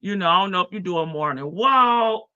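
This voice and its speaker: A woman's voice: fairly low pitch, lively intonation, a little fast, pushed and bright, clear, resonant tone, no room sound, dull audio. A woman with a heavy morning voice, hosting a casual live stream from her front porch and greeting viewers by name.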